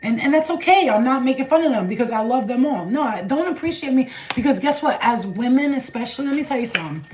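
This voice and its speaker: A woman with a New York accent, a spiritual channeler giving a blunt, profane, animated vlog message. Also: sits high, fast, hardly any pauses, reverberant, slight background noise, low-quality recording.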